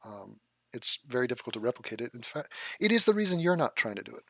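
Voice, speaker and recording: A man's voice: mid-range voice, sing-song, fast, vocal fry, a bit bright. A man giving a profane, sarcastic comedic rant while reacting to an advert, sounding exasperated and swearing freely.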